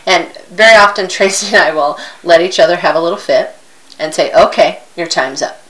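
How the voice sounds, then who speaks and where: Lowish-voiced chatty woman co-host. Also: brisk, a bit bright, rough recording. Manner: chatty, laughs easily, acts out her own complaints. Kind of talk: casual chat.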